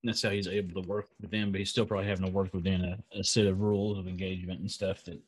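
A man's voice: low-pitched, flat delivery, rapid-fire, slightly rough. An American man co-hosting a casual podcast, rambling with many fillers. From United States. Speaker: podcast co-host. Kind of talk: casual chat.

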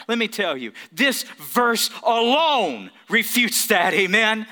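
A man's voice: high voice, sing-song, slow pace, hardly any pauses, sharp tone. A man preaching a sermon, emphatic, calling out to the congregation for responses. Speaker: pastor.

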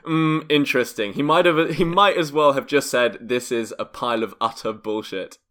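An English man co-hosting a podcast, reading overheard quotes aloud in a wry, deadpan casual chat. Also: medium pitch, normal speed. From England. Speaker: podcast co-host.

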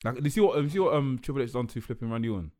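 A man's voice: mid-range voice, expressive, rapid-fire, darkish tone. A young man on a casual podcast, making eager predictions and pressing his co-host to agree. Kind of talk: casual chat.

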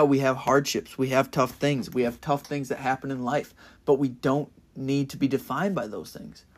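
An earnest young man preaches in a casual, conversational way, talking through a passage for his podcast. His voice sits at an ordinary middle pitch and swells with enthusiasm at the high points. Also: slightly rough. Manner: earnest and enthusiastic, rising to loud bursts of excitement. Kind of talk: casual Bible-study sermon.

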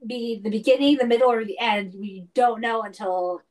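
A woman's voice: on the high side, normal speed, a little mellow, rough recording. A woman co-hosting a podcast, teasing and giggling in casual chat.

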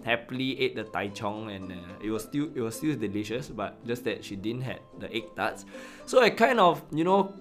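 A man with a Singaporean English accent hosting a podcast, telling casual, self-deprecating stories in a chatty, colloquial way. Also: mid-range voice. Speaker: podcast host. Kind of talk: casual storytelling monologue.

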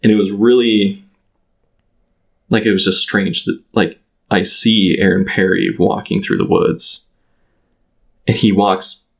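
A podcast guest in his thirties shares a personal story during a relaxed chat. His low voice has a gravelly, creaky edge, and he talks haltingly, stopping, restarting, and plugging gaps with "like."

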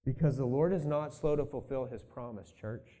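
A man's voice: mid-range voice, normal speed, mellow. A male pastor preaching a sermon in a conversational way, thinking aloud and adding asides to his congregation.

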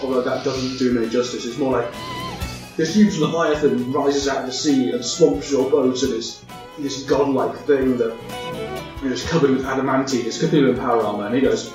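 A man's voice: medium pitch, fairly quick. A man running a tabletop game on a podcast, chatting casually, laughing and swearing as he tells stories. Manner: laughing, swearing, animated storytelling. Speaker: game master. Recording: roomy, distant mic with music behind.

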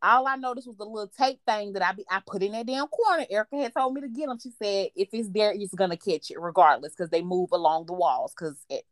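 A woman co-hosting a podcast, telling a story in a profane, animated way and laughing as she goes. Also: mid-range voice, fast, few pauses, dry recording, studio quality. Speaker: podcast co-host. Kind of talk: casual storytelling chat.

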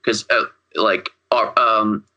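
A man's voice: lowish voice, steady tone, takes it slowly, bright, forceful tone, highs cut off. A man co-hosting a podcast, recapping a film in casual chat, rambling, profane and full of fillers. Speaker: podcast co-host.

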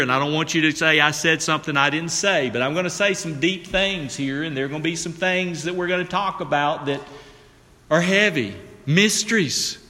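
A pastor with a high, bright voice delivers a sermon at an unhurried pace. He stresses his words, drops into low, hushed tones, and then speaks straight to his congregation, his voice carrying a long, church-hall reverb.

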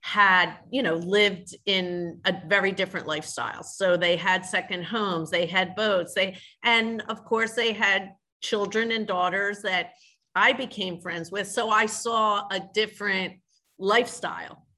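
Bright-voiced woman talking about her life. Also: medium pitch, fairly even intonation, unhurried. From family from France. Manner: earnest, reflective, with frequent restarts. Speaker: podcast guest, business leader. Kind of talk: casual interview talk.

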